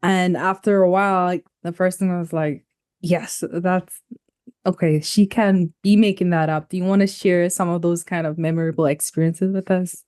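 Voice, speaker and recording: Mellow low woman hosting a podcast. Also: steady tone, moderate pace, clean tone, no echo, studio quality. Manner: thoughtful, loose phrasing with many fillers. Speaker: podcast host. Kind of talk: interview questions.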